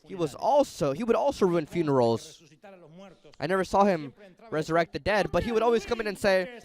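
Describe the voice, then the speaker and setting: A middle-aged man preaching a sermon in an animated, conversational storytelling manner, talking straight to his audience. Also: high voice, fairly quick.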